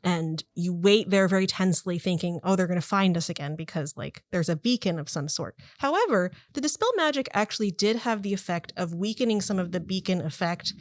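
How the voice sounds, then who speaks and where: Low-voiced woman game master. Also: a little fast, few pauses, no room sound. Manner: relaxed, chatty narration with giggles. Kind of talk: narrating a tabletop role-playing game.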